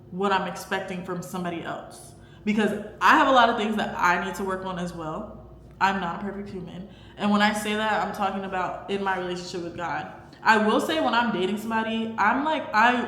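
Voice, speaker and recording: Chatty young woman in an echoey room. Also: medium pitch. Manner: chatty, animated, emphatic with fillers. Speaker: podcast host. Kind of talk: casual faith talk to camera. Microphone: camera microphone. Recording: echoey room, faint background hum.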